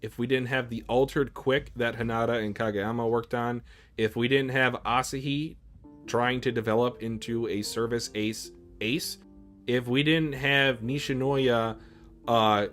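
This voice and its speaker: A man's voice: medium pitch, fairly even intonation, a little slow, a bit bright, soft background music. A man co-hosting an anime reaction talk, laying out his points at length. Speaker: co-host of anime reaction channel. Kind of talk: casual chat.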